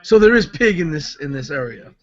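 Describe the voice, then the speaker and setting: A man's voice: a little high, expressive, fairly quick, dull audio. A man playing a tabletop game, describing his character's actions with many fillers. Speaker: player. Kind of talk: casual tabletop play.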